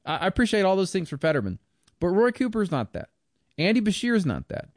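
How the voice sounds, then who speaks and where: A man holds forth in a blunt, scornful political monologue, rambling from point to point. His voice sits fairly high for a man. The sound is dry and close, with no room echo. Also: sing-song, a little fast. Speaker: commentator.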